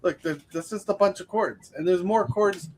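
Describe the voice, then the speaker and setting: Rambling male stream host, a bit high. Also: normal speed, darkish tone. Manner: rambling, restarts a lot, laughs at own jokes. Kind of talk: casual chat. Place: home streaming setup.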